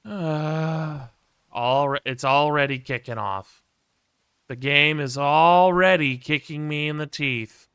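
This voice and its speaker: Bright-voiced ranting male streamer. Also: fairly high pitch, takes it slowly, clear, resonant tone, no echo, clean studio sound. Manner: ranting, profane, wry. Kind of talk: casual gameplay commentary.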